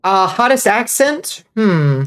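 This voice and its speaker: A woman's voice: medium pitch, very animated, slow. Profane, chatty woman streamer. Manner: chatty, profane, reacting to chat. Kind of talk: casual gaming commentary.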